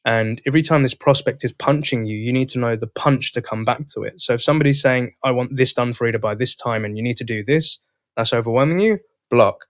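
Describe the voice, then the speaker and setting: Male podcast host, mid-pitched, dry close sound, animated storyteller who acts out dialogue. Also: fast talker, no room sound. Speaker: podcast host and sales coach. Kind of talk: casual storytelling conversation.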